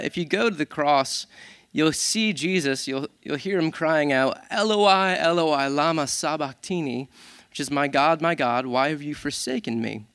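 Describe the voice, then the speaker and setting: Lively man preaching a casual sermon. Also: fairly high pitch, smooth, no room sound, studio quality. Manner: conversational, animated, self-deprecating humor. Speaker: worship leader.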